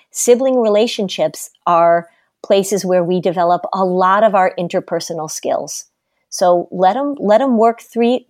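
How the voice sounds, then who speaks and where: A woman's voice: mid-range voice, a little mellow, dry recording, clean studio sound. A middle-aged woman giving parenting advice in casual conversation, emphatic and firm, using everyday examples. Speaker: parenting expert.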